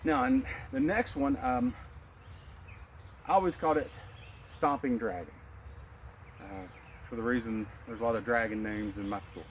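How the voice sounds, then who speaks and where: A male martial arts instructor calmly leading a qigong class, cueing each breath in a slow, steady rhythm. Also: medium pitch, a little hiss or hum.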